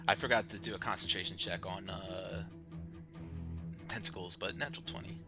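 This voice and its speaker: A man's voice: low-pitched, fairly even intonation, moderate pace. A man narrating as dungeon master in a live tabletop game, describing the action in an easygoing way and laughing often. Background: background music.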